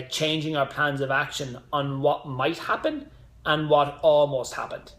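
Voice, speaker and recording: Man, fitness coach on a live stream, rambling motivational chat, fairly high voice, echoey room. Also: a bit bright. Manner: chatty, rambling with side notes and motivational asides. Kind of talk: casual live-stream monologue.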